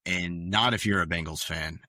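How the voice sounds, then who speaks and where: A man with a very low, bright-edged voice, co-hosting sports talk in an easygoing, hesitant way. The recording is dry and close. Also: no room sound. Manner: measured, hesitant, many fillers. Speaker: podcast co-host. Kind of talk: casual sports chat.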